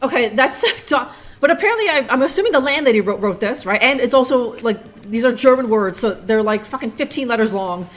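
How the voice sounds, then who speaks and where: A woman's voice: fairly high pitch, lively intonation, fairly quick. A woman streaming a detective game live, rambling and laughing as she sounds out German words with frequent curses. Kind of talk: casual live gameplay commentary.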